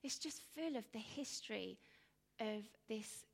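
A woman in her thirties giving an informal, rambling talk, telling stories with bursts of animation and hushed asides. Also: fairly high pitch, lively intonation, measured pace, creaky, in a large hall. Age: 30s.

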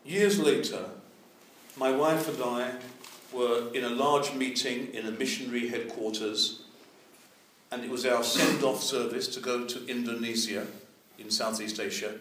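A man's voice: mid-range voice, fairly even intonation, unhurried, fairly bright tone, slight background noise. An older man, telling his life story as testimony in an earnest way and acting out the dialogue. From England. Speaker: evangelist. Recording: very echoey, distant mic.

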